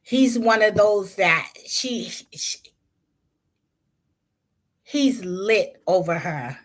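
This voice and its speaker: A woman's voice: medium pitch, lively intonation, extremely slow. A woman hosting a vlog, giving blunt, slangy, profane commentary on celebrity drama. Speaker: vlog host.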